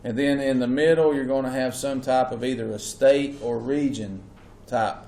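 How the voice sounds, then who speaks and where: A man's voice: mid-range voice, steady tone, moderate pace, dark tone. Man lecturing a class. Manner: checks in with students often. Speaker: teacher. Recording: echoey classroom with faint hum.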